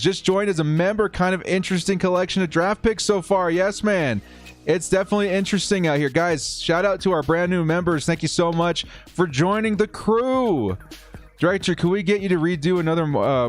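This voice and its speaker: An upbeat young man chats casually through a live stream, shouting out viewers and reading their comments aloud. His voice sits at an ordinary middle pitch, with faint music playing behind him.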